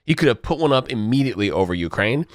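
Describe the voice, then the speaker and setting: A man's voice: mid-range voice, expressive, fast, dry recording, clean studio sound. A man co-hosting a podcast, arguing politics emphatically with profanity and step-by-step analogies. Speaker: podcast co-host. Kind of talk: heated political debate.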